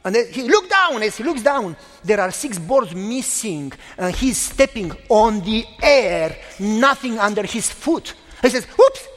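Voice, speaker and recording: A middle-aged man preaching a sermon, telling stories emphatically with dramatic pauses and repetition. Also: high voice, big pitch swings, a bit bright. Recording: long reverb of a large hall.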